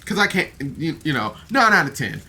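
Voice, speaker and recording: A man's voice: on the high side, big pitch swings, fairly quick, sharp tone, breathy edge. A man giving a casual, rambling review of a podcast episode on camera, emotional and full of fillers. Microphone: camera mic, seated on camera.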